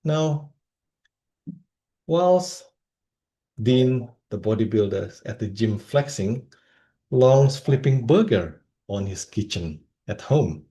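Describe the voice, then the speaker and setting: Speaker from Indonesia, lively comic storyteller, slow deliberate pace, animated pitch. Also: male voice. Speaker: club speaker. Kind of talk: humorous speech.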